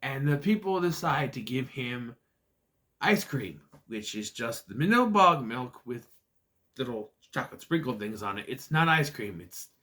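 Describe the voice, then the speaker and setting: A man's sing-song, mid-range voice carries a sharp tone as he speaks unhurriedly. The speaker, a movie reviewer, casually recaps a bad film with sarcastic asides and exaggerated impressions of the characters' lines.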